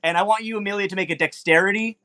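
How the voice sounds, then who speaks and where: A man's voice: high-pitched, very fast, sharp tone. A man narrating a tabletop game as game master, loose and rambling with many fillers.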